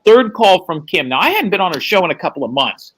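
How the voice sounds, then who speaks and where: A man's voice: high-pitched, quick pace, slightly rough. A man hosting a show, telling a profane story casually and acting out the quotes. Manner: profane, animated, acts out quotes. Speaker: host.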